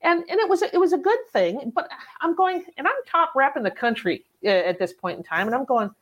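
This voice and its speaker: A middle-aged woman sales coach, a guest in an interview, telling lively stories and acting out sales dialogue. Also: a little high, brisk. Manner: animated storyteller, acts out sales dialogue. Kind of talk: conversational interview.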